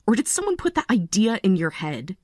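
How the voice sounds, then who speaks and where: A woman in her forties playing a tired but resolute mother in a text-story drama, speaking in a calm, measured way. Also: mid-range voice, no echo, clean studio sound. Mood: calm resolve. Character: weary, resolute mother leaving her family.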